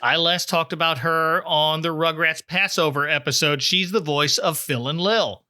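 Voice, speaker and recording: Man, podcast host, crisp bright tone, dry close mic, chatty recap. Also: on the high side, steady tone, normal speed, dry recording. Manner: informative, chuckling often.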